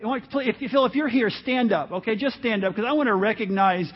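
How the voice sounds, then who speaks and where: Earnest male pastor, high voice, conversational sermon, dull lo-fi church recording. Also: fairly quick, background noise. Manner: earnest, encouraging, conversational with asides. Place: church sanctuary.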